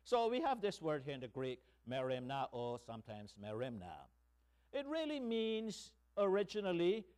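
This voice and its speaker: A man preaching a sermon as pastor, slow and emphatic, tossing in rhetorical "hmm?" asides to the congregation. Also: sits high, darkish tone, clear, resonant tone.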